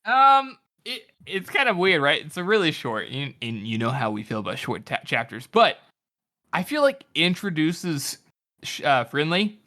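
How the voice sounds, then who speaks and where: A man's voice: fairly high pitch, sing-song, moderate pace, bright, forceful tone. A man co-hosting a book podcast, chatting casually and teasing the others. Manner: chatty and teasing, with frequent laughs. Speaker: podcast co-host. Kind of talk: casual book-discussion chat.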